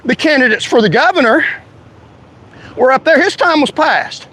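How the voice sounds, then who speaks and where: A man's voice: extremely high pitch, lively intonation, normal speed, a bit bright, poor audio. A man in a heated, indignant, confrontational rant straight to his followers. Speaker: vlogger ranting to followers. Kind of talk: angry direct-to-camera rant.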